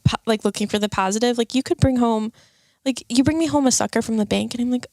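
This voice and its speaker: A woman's voice: on the high side, quick pace, darkish tone, no echo. A heavily pregnant woman co-hosting a podcast, chatting and teasing with lots of giggles. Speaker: co-host. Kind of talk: casual chat.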